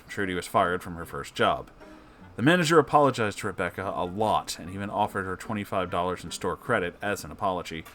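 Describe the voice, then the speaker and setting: A man's voice: on the low side, a bit bright. A man hosting his channel, reading a story aloud in a playful, chatty way.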